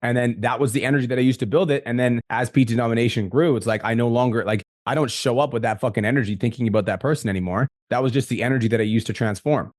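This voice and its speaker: Quick blunt guy hosting a podcast, swears a ton, super dry mic. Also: medium pitch, a little mellow, no room sound. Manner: fast, blunt, swears a lot. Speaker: podcast host. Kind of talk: casual podcast chat.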